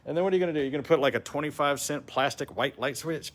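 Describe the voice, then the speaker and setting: A man vlogging casually as he walks through his trailer and workshop, chatty and excitable, laughing often. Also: a little high, rapid-fire. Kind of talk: casual walk-around vlog.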